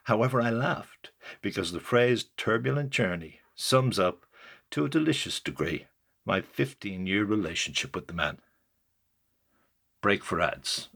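A man's voice: lowish voice, animated, measured pace, gravelly, a bit bright, husky. An older man, a journalist, reading his own article aloud in a wry, dry storytelling way. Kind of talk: read-aloud first-person memoir narration.

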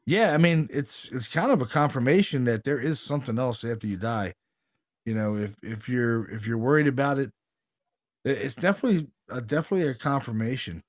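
A man co-hosting a podcast, telling a story in casual, excitable, slangy chat. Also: mid-range voice, brisk, no echo, clean studio sound. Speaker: paranormal investigator, podcast co-host.

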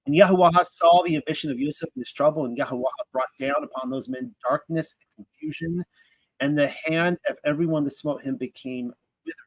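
Man, slightly high voice, dry sound, casual bible study reading, fillers and restarts. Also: fairly quick, no room sound, poor audio. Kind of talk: scripture reading with commentary.

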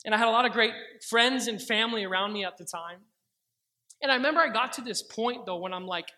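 Young male preacher, high and bright, earnest testimony, slows down for quoted prayers. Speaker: pastor. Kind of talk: sermon with personal testimony.

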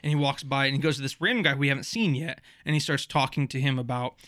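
A man's voice: mid-range voice, quick pace, a bit bright, no echo, studio quality. A man in a casual podcast chat, recapping a TV episode in a rambling way with many fillers and restarts. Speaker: podcast co-host.

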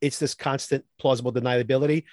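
A man co-hosting a podcast, recapping a TV episode in casual chat, animated and laughing often as he acts out lines. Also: mid-range voice, quick pace, no echo, clean studio sound. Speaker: podcast co-host.

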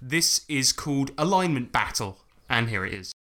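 A man's voice: medium pitch, big pitch swings, moderate pace, bright, forceful tone. A man co-hosting a podcast in casual, jokey chat, laid-back and sweary with lots of "so, um". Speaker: podcast co-host.

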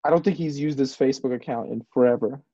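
A young man in his twenties with a husky voice rambles through crude podcast banter, cursing freely and leaning on "bro" and "like". His voice comes over a dry, slightly dull microphone. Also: mid-range voice, fast, dark tone, dry recording. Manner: rambling, swears a lot, says "bro" and "like". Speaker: podcast co-host.

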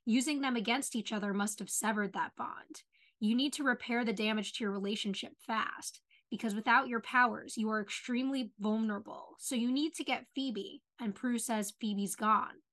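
A woman co-hosting a podcast, casually recapping a TV episode and retelling scenes with animated, cussing commentary. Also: a little high, normal speed. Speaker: podcast co-host.

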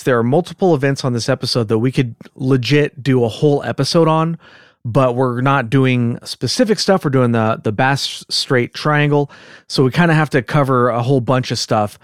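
A man's voice: medium pitch, dry recording, clean studio sound. Chatty Californian man hosting a podcast. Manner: chatty, rambling, quick to laugh. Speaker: podcast host. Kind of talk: casual podcast chat.

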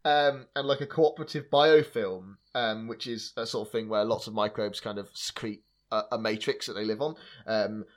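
A man's voice: fairly low pitch, fairly even intonation, normal speed, few pauses. A man hosting a podcast, chatting casually about film trivia in a wry, sarcastic way, with plenty of fillers and laughter. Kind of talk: casual chat.

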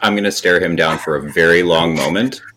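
A man playing a tabletop role-playing game, describing his actions in a deadpan, playful way. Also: sits low, brisk, a little hiss or hum. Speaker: player. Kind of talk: in-character tabletop play.

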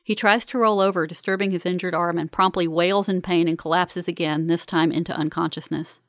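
A woman reading a first-person story aloud in a calm, measured, earnest way. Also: on the low side, no room sound, clean studio sound. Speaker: narrator. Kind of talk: first-person audiobook narration.

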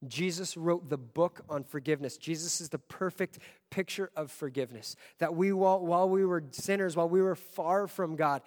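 A man preaching a sermon as pastor, telling a story with a voice that swells from quiet to loud. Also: a little high, moderate pace. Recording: long hall reverb.

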